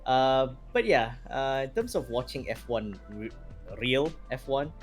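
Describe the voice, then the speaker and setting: A man's voice: medium pitch, measured pace, soft background music. A young man, chatting casually on a podcast, rambling with lots of fillers and laughs. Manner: rambling, animated, laughs often, filler-heavy. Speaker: guest streamer.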